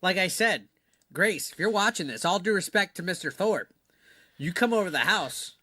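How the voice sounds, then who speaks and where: A man's voice: high voice, animated, moderate pace, sharp tone, no echo, studio quality. A man giving casual webcam commentary in a crude, derisive way, swearing a lot.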